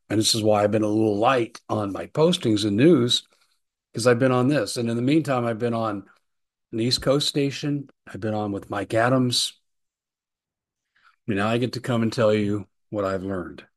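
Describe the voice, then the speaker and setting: A middle-aged man hosting his own show, talking urgently and earnestly, hoarse from talking all day. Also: fairly low pitch. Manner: urgent, earnest, reading out posts. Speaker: host. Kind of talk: solo show monologue.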